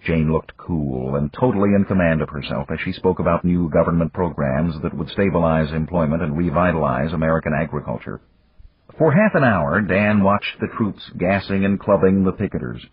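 A man reading a novel aloud as audiobook narrator in a measured, dramatic way. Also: sits low, breathy edge, no echo. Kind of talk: scripted narration. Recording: dull lo-fi dry recording.

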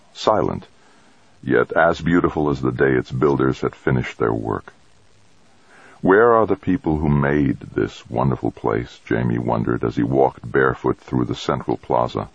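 A man reading a novel aloud in a measured, steady narration. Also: a bass voice, creaky, husky, no room sound, dull audio. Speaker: audiobook narrator.

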